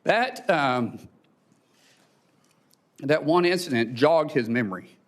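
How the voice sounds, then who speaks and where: A man testifying at a hearing, telling a personal story in a halting way, repeating words and choking up. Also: fairly high pitch, lively intonation. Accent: Oklahoma. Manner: halting, repeats words, chokes up when emotional. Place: hearing room.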